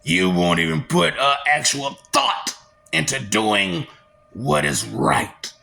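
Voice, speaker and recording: A woman's voice: low voice, slow, vocal fry, sharp tone. A woman delivering a confrontational monologue in a taunting, mocking, preachy way.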